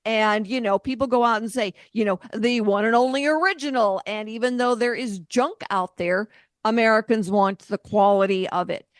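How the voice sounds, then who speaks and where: A woman's voice: mid-range voice, fairly even intonation, moderate pace, dry recording, clean studio sound. A woman co-hosting a radio talk show, explaining invention matters with confidence. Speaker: co-host, invention expert.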